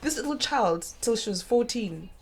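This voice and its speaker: A woman's voice: a little high, animated, normal speed, husky. A middle-aged woman, a guest, earnestly telling a painful personal story and acting out the voices of others. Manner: earnest, acts out quoted voices.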